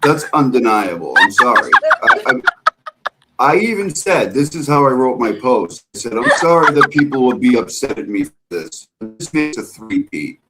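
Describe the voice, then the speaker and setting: A man's voice: mid-range voice, big pitch swings, normal speed, very noisy. A man joining a casual chat over a video call, talking bluntly and swearing freely. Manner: blunt, profane. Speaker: co-host.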